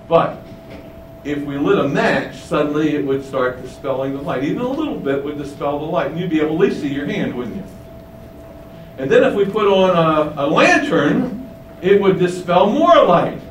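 A man's voice: a little high, animated, normal speed. A man preaching a sermon, emphatic, with many rhetorical questions, in a windowless room. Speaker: pastor. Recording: roomy, distant mic, faint hum.

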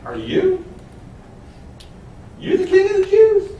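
Man voicing a sarcastic Roman governor, mocking, high, distant and echoey. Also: level tone, takes it slowly, dull audio, a little hiss or hum. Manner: mocking, shouted, incredulous questions. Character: sarcastic, scornful powerful Roman governor, male. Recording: echoey room heard from a distance.

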